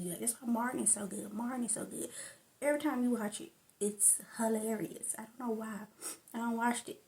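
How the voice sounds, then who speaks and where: A woman talks through her favorite comedy in a loose, tangent-prone vlog chat, laughing often. Her voice sits a little high with a gravelly edge. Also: fairly even intonation, fairly quick, darkish tone. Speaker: vlogger. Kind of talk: casual chat about stand-up comedy.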